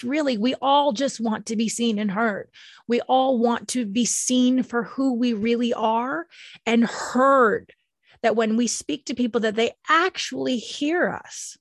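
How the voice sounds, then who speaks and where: A woman gently reflecting on healing and self-compassion, slow and tender, emotional and near tears. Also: on the high side, no room sound, clean studio sound. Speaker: speaker sharing personal healing. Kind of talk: reflective personal talk.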